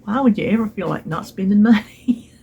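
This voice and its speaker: Her voice is medium-pitched, gravelly, and breathy, moving fairly quickly on a muffled recording. A middle-aged Southern US vlogger seated at home, she chats rambling to her phone, trailing off and restarting, with wistful asides.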